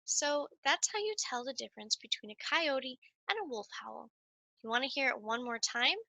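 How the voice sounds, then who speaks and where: A woman giving a lively, sing-song nature lesson to young children while playing a coyote mascot. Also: high-pitched, moderate pace, vocal fry, no echo. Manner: animated, sing-song, speaks straight to children.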